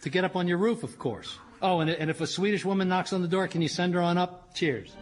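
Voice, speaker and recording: A man's voice: sits high, quick pace, soft background music, close to an everyday voice. An actor playing a heartbroken older man in a radio comedy, with hammy mock film-noir romance. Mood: wounded.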